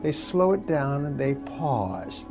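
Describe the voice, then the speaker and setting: A man explains and coaches in a motivational seminar lecture. His pitch swings widely as he speaks. Music plays clearly beneath his voice. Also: sing-song, slow pace. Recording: speech under a music bed.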